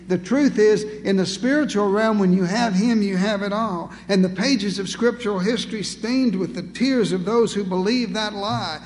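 A man's voice: high voice, moderate pace, hardly any pauses, in a large hall. A male pastor preaching an emphatic, rhetorical sermon with dry humor.

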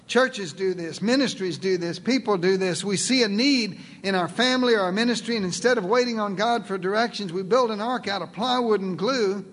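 A man's voice: sits high, a little fast, few pauses, fairly bright tone. A male pastor preaching a sermon in a folksy, playful way, acting out the voices in his quotes.

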